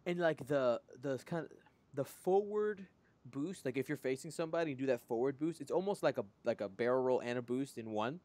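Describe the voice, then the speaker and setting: A man's voice: medium pitch, brisk, darkish tone. A man in casual podcast chat, joking and laughing often. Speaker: podcast co-host.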